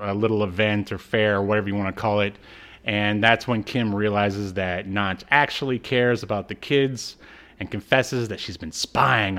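A man's voice: on the low side, fairly bright tone. Male podcast co-host, clean resonant voice, amused storyteller who acts out the lines. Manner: laughs while retelling, acts out character lines. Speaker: podcast co-host recapping an episode. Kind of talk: casual chat.

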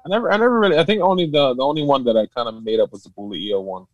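A man's voice: medium pitch, expressive, rapid-fire, no room sound, lo-fi sound. A man from Hawaii, a podcast guest, telling stories in a laid-back, slangy way with laughs. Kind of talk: casual podcast chat.

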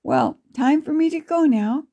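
A woman podcast storyteller reading a children's story aloud in a gentle, affectionate way. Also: high-pitched, measured pace, gravelly. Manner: gentle, affectionate, laughs softly.

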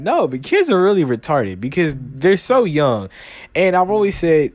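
A man's voice: high-pitched, moderate pace, no echo. A young man hosting a podcast, ranting comedically with heavy swearing and mocking voices. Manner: animated, swearing, mock-quoting people in a raised voice. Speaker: podcast host. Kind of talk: profane comedic rant.

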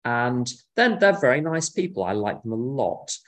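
A man's voice: medium pitch, big pitch swings, moderate pace, a bit bright. Wry, reflective man in his fifties. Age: 50s. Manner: wry, reflective, with dry humorous asides. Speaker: recovery meeting speaker. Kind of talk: personal talk sharing his experience. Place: office.

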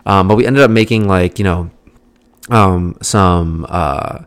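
A man's voice: deep voice, takes it slowly, clean tone, no echo. A man hosting his own vlog, telling a casual travel story in a rambling way, with lots of fillers and swearing. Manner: rambling, filler-heavy, profane. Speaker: vlog host.

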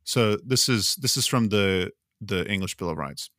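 A man's voice: on the low side, moderate pace, no room sound, clean studio sound. A man co-hosting a podcast, chatting casually and reading an old legal text aloud, breaking into laughs. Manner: animated, laughs often while reading. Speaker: podcast co-host.

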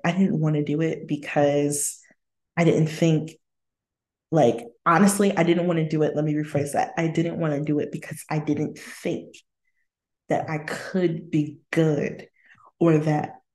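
Slow, low-voiced woman hosting a reflective podcast. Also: flat delivery, warm tone. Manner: reflective and candid, laughs often between thoughts. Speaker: podcast host. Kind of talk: casual faith-sharing monologue. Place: her apartment. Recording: roomy echo in a home room.

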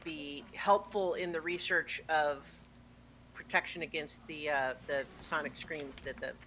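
Bright-voiced tabletop player, halting speech. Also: medium pitch, steady tone, slight background noise, rough recording. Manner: halting, searching for words. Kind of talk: tabletop game planning chat.

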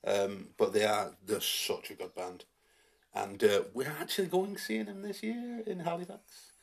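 A man's voice: mid-range voice, steady tone, a little slow, vocal fry. Rambling man in his forties. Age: 40s. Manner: rambling, with many fillers and restarts. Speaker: podcast co-host. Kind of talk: casual chat.

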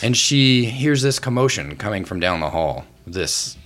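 A man runs a tabletop game as game master, telling a chaotic scene with casual swearing. His pitch jumps around a lot, and he keeps breaking into laughter. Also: very animated, fairly bright tone, slight background noise. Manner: laughs often, swears casually, slips into quick voices for passersby. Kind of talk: narrating a tabletop game, profane and comic.

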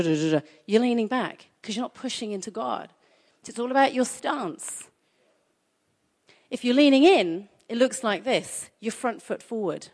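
A woman preaching a sermon in an energetic, conversational way, repeating phrases for emphasis. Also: on the high side.

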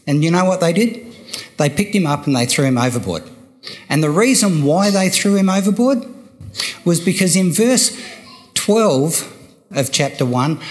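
An older man preaching a sermon, slow and emphatic, repeating key phrases for weight. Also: sits high.

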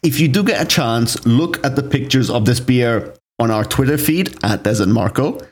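A young man co-hosting a podcast, talking easily at a middle pitch. He tells his stories in a loose, chatty way and fills them with casual asides. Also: moderate pace. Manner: relaxed storytelling, frequent "like" fillers. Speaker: podcast co-host. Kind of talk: casual chat.

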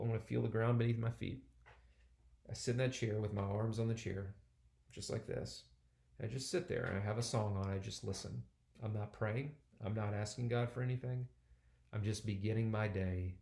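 A man's voice: on the low side, creaky, a little mellow. A man in his forties preaching a sermon, talking conversationally and driving points home with emphatic repetition. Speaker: pastor.

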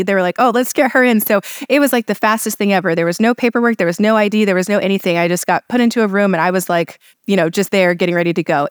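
A woman's voice: medium pitch, clean tone, no echo, clean studio sound. A woman in her thirties, a podcast guest, telling her birth story in an earnest, emotional way with many fillers.

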